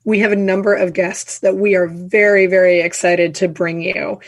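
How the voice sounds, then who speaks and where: Flat-toned woman podcast co-host. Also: lowish voice, moderate pace. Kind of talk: casual conversation.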